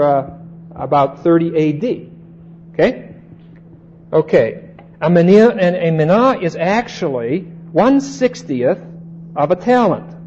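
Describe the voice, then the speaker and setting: Male Bible teacher, unhurried and repetitive, slightly high voice, dull recording with faint hum. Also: a little mellow. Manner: unhurried, repeats points and checks understanding with "okay?".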